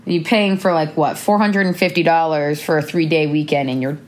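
Recapping the year with a friend, a bubbly young adult woman fills her casual talk with "like." Her voice sits low and her tone stays steady, and she speaks fairly quickly.

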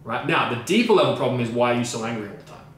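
A man's voice: mid-range voice, animated, very fast, fairly bright tone. Guy on a podcast going hard, swears a lot, repeats himself for punch, sounds far off in a super echoey room. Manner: emphatic and profane, with repeated phrases. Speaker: podcast co-host and coach. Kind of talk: casual podcast discussion. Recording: very echoey room, mic at a distance, faint noise.

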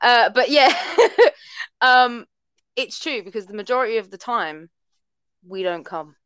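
A woman's voice: on the high side, animated, unhurried, fairly bright tone, clean tone, no echo. A young woman co-hosting a podcast, chatting casually and playfully, swearing a lot. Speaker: podcast co-host. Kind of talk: casual chat.

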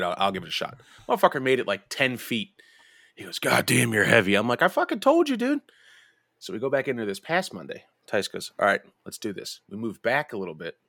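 Young man, podcast host, low voice, dry close sound, swears freely, rambles, laughs through his stories. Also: gravelly, sharp tone, dry recording. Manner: rambling, profane, laughing, restarts often. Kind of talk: casual storytelling chat.

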